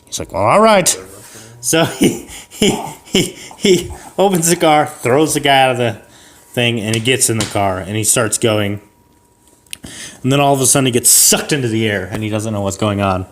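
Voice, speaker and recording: A man's voice: medium pitch, normal speed, a little hiss or hum. A young man improvising a comic story on a podcast, rambling and laughing as he acts out the characters. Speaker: podcast co-host.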